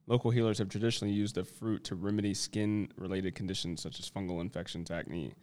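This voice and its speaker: Fast talking guy, low voice, casual podcast cohost joking around. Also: steady tone, darkish tone. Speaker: podcast co-host.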